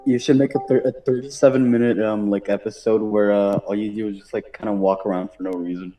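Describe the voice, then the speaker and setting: Lowish voiced guy on a call, crude troll, lots of um like. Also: fairly even intonation, fast, dark tone, soft background music, rough recording. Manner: crude, trolling, rambling with fillers. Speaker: caller on a group call. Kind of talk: casual group call.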